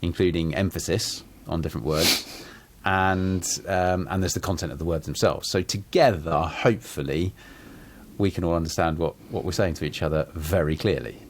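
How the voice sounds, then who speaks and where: A man's voice: deep voice, normal speed, a little hiss or hum. A man co-hosting a podcast in casual chat, acting out example sentences with shifting emphasis. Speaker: podcast co-host.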